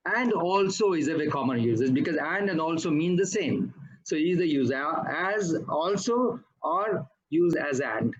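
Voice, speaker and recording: Husky man giving grammar feedback. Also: a little high, lively intonation, moderate pace, highs cut off. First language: not English. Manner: instructive, corrects usage and pronunciation word by word. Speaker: Toastmasters grammarian. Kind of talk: club meeting feedback report.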